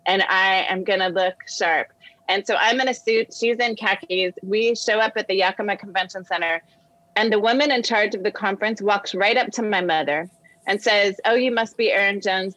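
A woman guest on a discussion show, telling a personal story with animated quoted voices. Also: mid-range voice, dry recording, poor audio. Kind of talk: storytelling in conversation.

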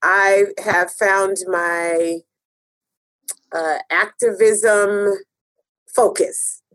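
A woman's voice: mid-range voice, steady tone, fairly bright tone, no room sound. A woman co-hosting a podcast, chatting casually and reflectively with her co-host and addressing the listeners. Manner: unhurried, reflective, talks to listeners. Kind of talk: casual chat.

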